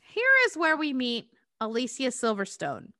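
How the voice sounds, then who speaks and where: A woman co-hosting a podcast, retelling a movie plot in casual, profane, animated storytelling. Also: fairly high pitch, measured pace, no echo, clean studio sound. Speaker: podcast co-host.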